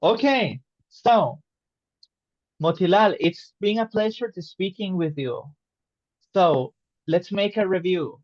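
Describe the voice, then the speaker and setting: Slow, patient male English tutor. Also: high voice, expressive, a little mellow, no echo, muffled recording. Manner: slow, patient, explaining with questions. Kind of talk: online English lesson.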